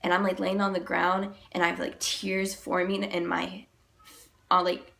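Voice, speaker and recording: Young woman vlogging, sick so her voice sits low and gravelly, halting emotional retelling, says like a lot. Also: flat delivery, a bit bright. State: sick, voice deeper than usual. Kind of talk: personal storytelling vlog.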